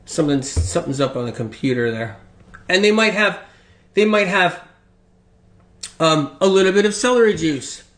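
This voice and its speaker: A man's voice: high voice, animated, moderate pace, pauses often, fairly bright tone, roomy sound. A man giving an informal health talk in an emphatic, repetitive and rambling way. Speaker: health speaker.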